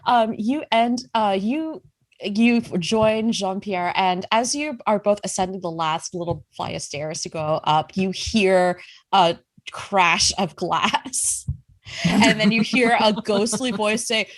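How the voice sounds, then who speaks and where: A woman's voice: medium pitch, takes it slowly, dry recording. A woman running a tabletop game, narrating with fillers and frequent laughs. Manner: hesitant, giggly, many fillers. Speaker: game master.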